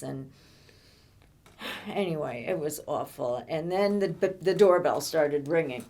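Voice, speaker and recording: An older woman telling her own life story in conversation, halting and often repeating words as she restarts. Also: sits low, darkish tone. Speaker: interviewee.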